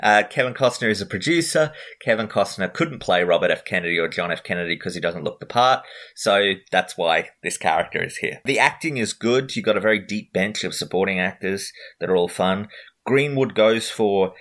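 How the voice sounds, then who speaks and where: Podcast co-host, man, low voice, casual film chat, restarts often. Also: lively intonation, brisk, fairly bright tone. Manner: conversational, frequent restarts.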